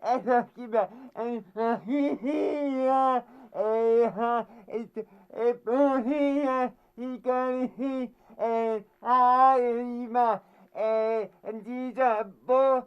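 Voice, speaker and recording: Brief: slow, mumbling, incoherent sidekick, played by a woman, smooth voice on a slightly dull recording. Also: fairly high pitch, fairly even intonation. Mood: babbling. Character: mumbling sidekick called Butch.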